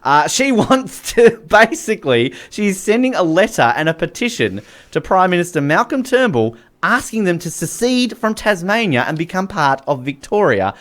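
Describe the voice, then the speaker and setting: A man's voice: high-pitched, very animated, normal speed, hardly any pauses, a bit bright. An Australian man hosting a radio show in casual, joking banter. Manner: joking, rambling, laughs often. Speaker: radio host.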